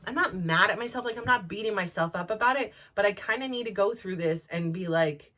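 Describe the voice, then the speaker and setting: Her mid-range voice brisk, pushed, and bright, a woman in her forties hosts a podcast and speaks candidly in a personal monologue. She rambles and restarts a lot.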